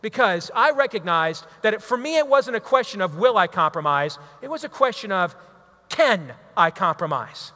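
A man, a radio talk show host, giving an impassioned, preachy talk to a live audience. He is emphatic and builds to loud exhortations. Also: high-pitched, big pitch swings, moderate pace. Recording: long hall reverb.

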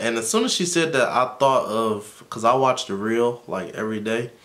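A YouTuber recaps a reality TV episode for his channel, chatting casually, offering strong opinions and using lots of fillers. His voice is mid-range with a fairly bright tone.

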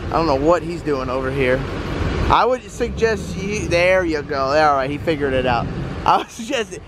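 A man's voice: on the high side, lively intonation, moderate pace, noisy background. A man chatting casually to viewers in a vlog, teasing and laughing often. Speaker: vlogger.

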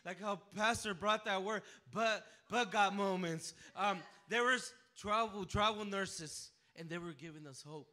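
A man preaching a personal testimony to a church, emotional and full of repeated words and restarts, rising to near shouting at the high points. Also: moderate pace, hardly any pauses. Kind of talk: sermon testimony. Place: church sanctuary.

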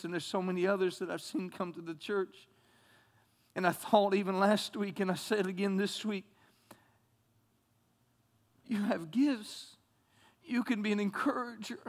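A man preaching a passionate sermon as pastor in a church, often repeating words as he builds. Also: high voice. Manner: impassioned preaching with frequent word repeats.

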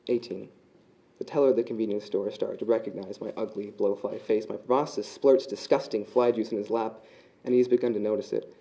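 A man reading his own short literary fiction aloud at a live reading, in a measured, dry, deadpan delivery. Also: on the low side, rough recording.

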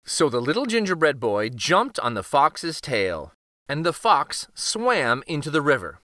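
A man hosting a children's read-aloud, narrating a picture book in an expressive storytelling manner. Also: on the high side, measured pace, dry recording, clean studio sound. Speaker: children's book reader, host.

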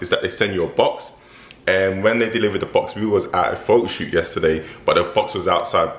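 A man's voice: low-pitched, roomy sound. A British man co-hosting a casual vlog, laughing and teasing through banter and a sponsor segment. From Britain. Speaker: co-host.

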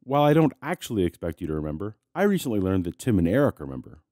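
A man's voice: fairly low pitch, very animated, racing, mellow, dry recording. A man hosting a commentary show, who narrates a scripted video in a dry, snarky way while sick and congested. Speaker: host.

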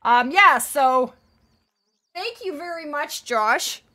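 Woman live streamer, casual game chat, high voice, bright tone. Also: lively intonation, slow. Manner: chatty, thanks viewers warmly by name.

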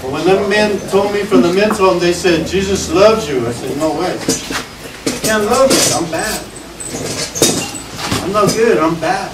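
A man preaching a sermon as a pastor, giving an emotional testimony that swings from loud to hushed. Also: sits high, unhurried, long pauses. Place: church hall. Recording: echoey hall with background noise, from a distance.

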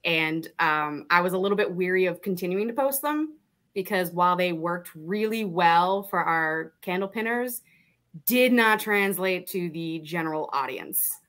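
Bright-voiced chatty woman guest. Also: on the low side, measured pace. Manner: chatty, laughs often, lively storytelling. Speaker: guest, social media creator. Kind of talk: casual podcast chat.

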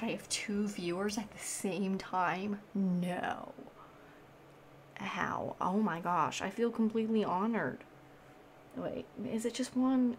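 Hoarse deadpan woman streaming a game. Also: mid-range voice, slight background noise. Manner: dry, deadpan joking. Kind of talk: casual gaming stream chat.

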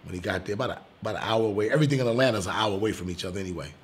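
Husky-voiced male comedian telling a personal story. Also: lowish voice, very fast. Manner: animated storyteller, swearing, loud bursts when excited. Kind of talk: storytelling in an interview.

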